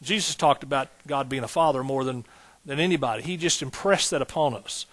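A man's voice: mid-range voice, fairly quick, fairly bright tone. A man preaching a sermon as pastor, building points through rhythmic repetition and folksy asides.

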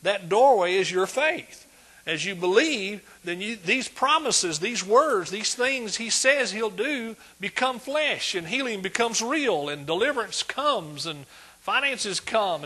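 Delivering an emphatic sermon, a man whose voice sits high with a breathy edge alternates between booming proclamations and quiet asides.

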